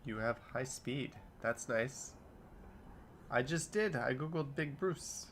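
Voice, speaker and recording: A man's voice: medium pitch, takes it slowly, fairly bright tone, soft background music. Chatty man reading live chat. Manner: chatty, reads chat comments aloud and riffs on them. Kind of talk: casual livestream chat.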